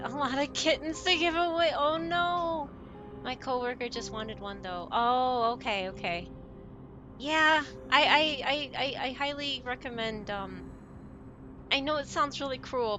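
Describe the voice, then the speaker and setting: A woman streamer in casual live-stream chat, chatty and giggly, often trailing off and restarting her sentences. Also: on the high side.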